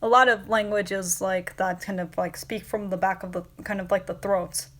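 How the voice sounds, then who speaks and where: A woman's voice: medium pitch, steady tone, normal speed, fairly bright tone. Woman, livestream host, casual chat, rambling, giggly. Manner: rambling, many fillers and restarts, giggly.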